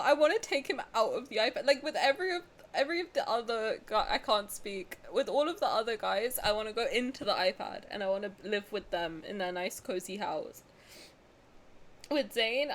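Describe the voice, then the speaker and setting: A woman's voice: a little high, fairly bright tone. A young woman streaming a casual reaction, emotional, laughing often and swearing freely.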